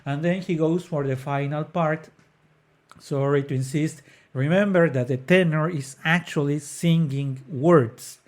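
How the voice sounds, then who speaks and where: Man, podcast host, slightly high voice, earnest, hesitant fillers, explaining music. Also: unhurried, darkish tone. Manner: breaks into sung phrases to demonstrate notes. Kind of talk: explaining opera to listeners.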